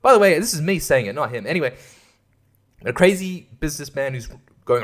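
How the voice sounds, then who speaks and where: A man's voice: fairly high pitch, expressive, fairly quick, fairly bright tone. Sarcastic, profane male podcast host. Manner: profane, sarcastic, laughs at his own jokes. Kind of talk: casual ranting podcast review.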